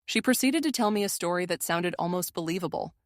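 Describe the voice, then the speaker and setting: A woman narrating a first-person family drama story in a steady, measured way. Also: on the low side, no room sound, clean studio sound.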